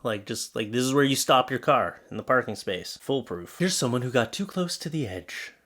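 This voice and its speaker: A man's voice: mid-range voice, animated, moderate pace, fairly bright tone. A young adult man hosting a comedy commentary show, reacting to posts in a sarcastic, exasperated way and slipping into mock voices.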